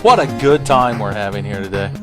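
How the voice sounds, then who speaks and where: A man's voice: fairly low pitch, animated, brisk. A man giving sarcastic, profane let's play commentary, taunting the enemies he fights. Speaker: gaming commentator. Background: faint game music.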